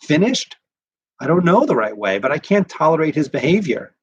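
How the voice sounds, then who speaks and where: A man voicing an exasperated mother who scolds her son and her husband in a sharp voice. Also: deep voice, big pitch swings, moderate pace, slightly rough, dry recording, lo-fi sound, pitched above the performer's own voice, exaggerated voice. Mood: angry. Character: exasperated mother of two sons, quick to anger.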